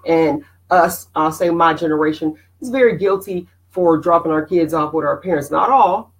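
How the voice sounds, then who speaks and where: A middle-aged woman hosting a casual motivational live stream, animated and preachy, greeting viewers by name. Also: low-pitched, normal speed, rough recording.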